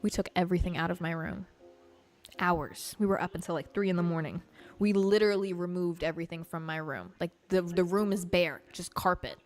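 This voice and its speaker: A young woman hosting a casual livestream, telling stories in an animated, chatty way full of fillers and swearing. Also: fairly low pitch, fairly quick, faint music behind. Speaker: livestream host.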